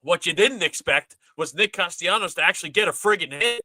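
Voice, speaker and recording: A man's voice: high voice, lively intonation, fast, pushed and bright, no echo, low-quality recording. A man hosting a casual sports podcast, ranting animatedly with exasperation. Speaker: podcast host.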